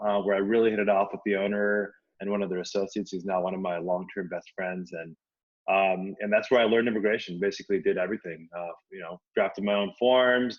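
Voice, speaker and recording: A man who grew up in the United States, a guest attorney telling his story in a friendly, relaxed way with plenty of ums. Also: lowish voice. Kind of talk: casual interview chat. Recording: dull lo-fi audio.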